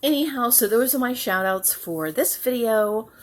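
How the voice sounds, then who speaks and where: A woman hosting a home cross-stitch video, chatting casually and sounding tired, with soft asides that trail off. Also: fairly high pitch, animated, moderate pace. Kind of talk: casual chat to camera.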